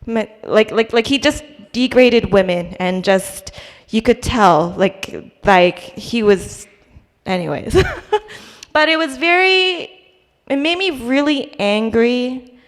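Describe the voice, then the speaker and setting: A woman's voice: fairly high pitch, lively intonation, slow. A young adult woman giving a personal testimony at church in a conversational, hesitant way, with frequent restarts and fillers. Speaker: church speaker sharing a testimony. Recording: long hall reverb.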